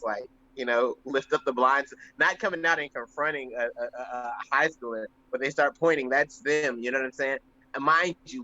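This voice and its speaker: A young man co-hosting a podcast, telling stories casually and acting out the voices of people in them. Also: medium pitch. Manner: animated, acts out voices in anecdotes. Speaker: podcast co-host. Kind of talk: casual storytelling. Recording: slightly muffled lo-fi audio.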